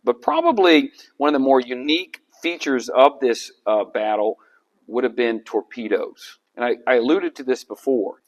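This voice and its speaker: A middle-aged man, a historian lecturing to a club about slides, conversational and animated with frequent restarts. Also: mid-range voice. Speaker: historian and author giving a talk.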